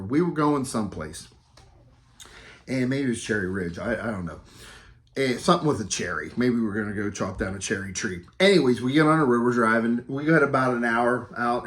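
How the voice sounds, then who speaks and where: A man telling a casual anecdote as a tribute, animated and rambling, with many fillers and self-corrections and an easy, self-amused humor. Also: mid-range voice. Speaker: storyteller giving a recorded tribute.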